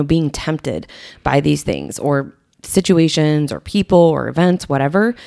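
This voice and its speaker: A woman's voice: low voice, warm tone, no echo, studio quality. A woman co-hosting a podcast, giving earnest, encouraging advice in a casual coaching chat. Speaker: podcast co-host.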